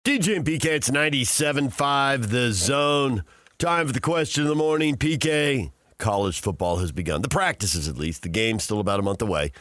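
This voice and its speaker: A man hosting a sports radio show, measured and informative. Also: medium pitch, a bit bright, no room sound, clean studio sound. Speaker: radio host.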